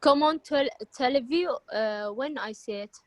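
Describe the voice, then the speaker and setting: A woman's voice: high voice, a little slow, slight background noise. A woman student in an online class, asking questions hesitantly. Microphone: video call.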